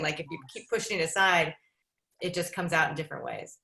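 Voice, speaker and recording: A woman with a somewhat low voice shares a personal story in a candid, casual way. The sound is echoey, as if she is in a bare room. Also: lively intonation, a little fast, creaky, bright, forceful tone. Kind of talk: casual chat.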